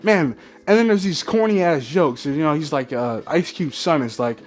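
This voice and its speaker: A man with a slightly high-pitched voice gives a profane, exasperated movie review rant. He keeps slipping into mocking quotes. Faint music plays under him. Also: lively intonation, normal speed. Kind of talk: ranting movie review vlog.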